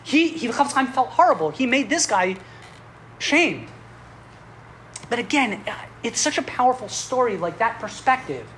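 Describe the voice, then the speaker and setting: A woman teaching a class on Jewish history, telling stories in an animated way with frequent chuckles and restarts. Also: a little high, normal speed, pauses often, slight background noise. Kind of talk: classroom lecture with storytelling. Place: classroom with students.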